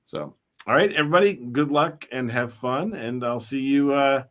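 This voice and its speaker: A man's voice: medium pitch, moderate pace, fairly bright tone. A man hosting a live stream, chatting casually and rambling with many fillers and restarts. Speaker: host.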